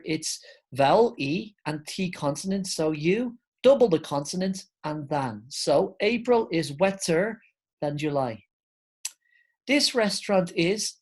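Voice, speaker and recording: A woman's voice: deep voice, darkish tone, slightly rough. A woman teaching an online English grammar lesson, explaining step by step and calling her viewers guys.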